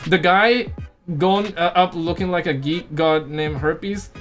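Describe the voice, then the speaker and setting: A man with a high, bright voice streams live and reacts to a video as it plays. He talks in loose, excitable bursts, breaks into loud exclamations and stops to greet viewers by name. Light music runs underneath. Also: slow pace.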